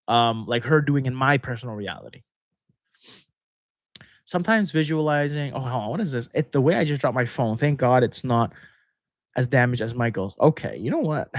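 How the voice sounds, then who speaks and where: A young man chats through a casual livestream Q&A, coaching members with a rambling, easygoing flow full of fillers and quick laughs. His voice sits at an ordinary middle pitch. The sound is close and dry, with no room echo. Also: expressive. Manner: rambling and chatty, laughs often, many fillers and restarts. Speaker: manifestation coach hosting a member Q&A.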